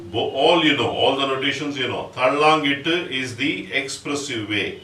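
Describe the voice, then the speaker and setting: A man with an Indian English accent teaching percussion, explaining step by step and reciting drum syllables slowly. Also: mid-range voice, loud music behind the voice. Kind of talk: music lesson with spoken rhythm syllables. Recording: roomy, distant mic, audible background noise.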